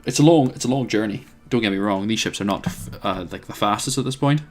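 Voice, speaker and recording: Soft background music plays as a let's play host talks through his strategy game, pausing to hesitate and adding wry comments while he reasons aloud. His voice is lowish and his pace quick.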